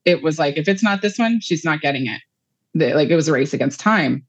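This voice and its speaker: A woman's voice: low voice, a little fast, breathy edge, no room sound, lo-fi sound. A woman in her thirties, a guest on an interview show, telling a long personal story in a rambling way with many fillers. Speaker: guest, mother of a child patient. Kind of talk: conversational interview.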